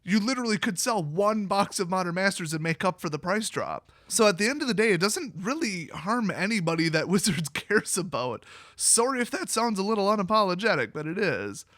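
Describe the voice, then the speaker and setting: A man's voice: high voice, animated, fairly quick, a bit bright, no room sound, studio quality. A young man from Wisconsin giving blunt, sarcastic solo commentary as a card game video host.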